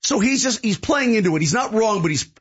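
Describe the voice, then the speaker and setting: A man's voice: sits high, animated, fairly quick, slightly rough. A man co-hosting sports talk radio, emphatic and repeating himself as he argues. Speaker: radio co-host. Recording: lo-fi radio broadcast.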